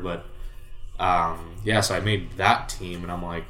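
A man who used to play baseball tells a rambling story in a relaxed, casual way, with lots of fillers and swearing. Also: deep voice, moderate pace, creaky. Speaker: guest, former baseball player. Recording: roomy echo, faint music.

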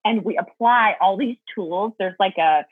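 A woman's voice: medium pitch, unhurried, slightly rough, no echo, phone-quality sound. A woman guest talking earnestly and thoughtfully about Bible study in a casual faith chat, laughing easily.

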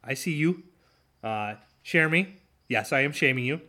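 A man's voice: a little high, animated, unhurried, bright, forceful tone. A man hosting his own talk show, ranting sarcastically and mocking his opponents. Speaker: podcast host. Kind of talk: solo talk show commentary.

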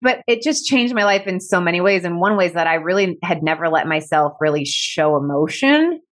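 A woman speaks as a guest in a conversation, recounting her own experience openly. Her voice sits a bit low for a woman. She talks in a candid, reflective way, leaning on "like" as she gathers her thoughts, with emotion close to the surface. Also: expressive, a little fast. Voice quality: emotional, close to tears at times. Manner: candid and reflective, heavy use of "like". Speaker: podcast guest. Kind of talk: personal storytelling in conversation.

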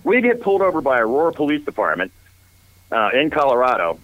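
Lively man telling profane stories. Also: mid-range voice, fast talker, dull audio, a little hiss or hum. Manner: animated, profane anecdote-telling. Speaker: guest storyteller. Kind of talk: casual radio chat.

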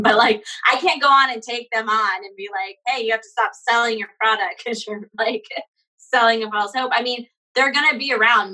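Woman podcast co-host, 40s, bright voice, rambling chatty storyteller. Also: mid-range voice, low-quality recording. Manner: rambling storytelling with frequent "like" and laughs. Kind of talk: casual chat.

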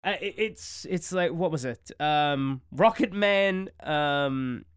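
An Australian man in his thirties, co-hosting a casual podcast chat and telling rambling, animated stories. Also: on the high side, slow, clean tone, no echo, studio quality. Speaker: podcast co-host.

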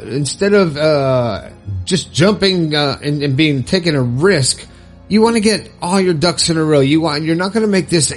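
A man hosting his own podcast in a casual, upbeat and rambling way, with lots of fillers and frequent laughs. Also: fairly high pitch. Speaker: podcast host. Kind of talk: casual solo podcast talk.

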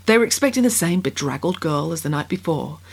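Brief: a female storyteller reading a comic fairy tale, wry and deadpan, with a lively voice. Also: low-pitched, fast, creaky, breathy edge.

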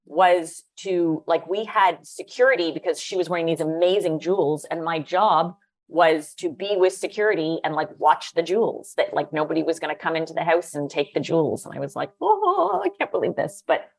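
Chatty middle-aged woman telling lively anecdotes. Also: low voice, a little fast, no echo. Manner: animated, lots of "like", laughs often. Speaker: guest, former magazine editor. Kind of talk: casual interview storytelling.

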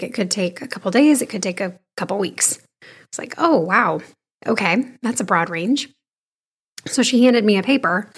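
A woman in her thirties candidly recounting a personal experience in a conversational, frank way, sometimes dropping to a hushed voice. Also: mid-range voice, husky. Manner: frank, conversational, shifting between hushed and animated. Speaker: storyteller sharing a personal experience.

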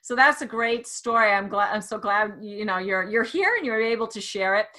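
A woman's voice: medium pitch, expressive, moderate pace, sharp tone, a little hiss or hum. A woman hosting an interview, chatty and reacting eagerly with exclamations while she asks her guest questions. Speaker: show host. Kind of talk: casual interview.

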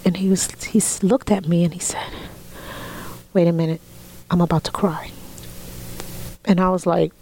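A woman in her forties telling a personal story in an interview, heartfelt, often dropping to a soft whisper when quoting family. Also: fairly low pitch, fairly even intonation, moderate pace, long pauses, slight background noise, rough recording. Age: 40s. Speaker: interview guest.

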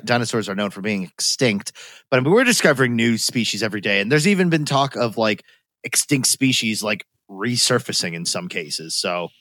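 Male podcast co-host, mid pitch, dry close mic, loose rambling delivery with lots of swearing. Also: a bit bright, no echo. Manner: rambling, profane, self-deprecating. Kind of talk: casual chat.

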